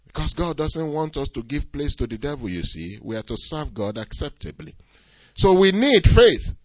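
A man's voice: a little high, sing-song, moderate pace, dry recording. A man preaching a sermon, emphatic and exhorting, asking the congregation rhetorical questions. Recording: dull, dry lo-fi sound.

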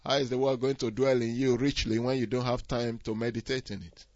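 A man preaching a sermon, swinging from quiet asides to loud, rising exhortation. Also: medium pitch, little pitch movement, brisk, no echo. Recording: dull, slightly lo-fi dry recording.

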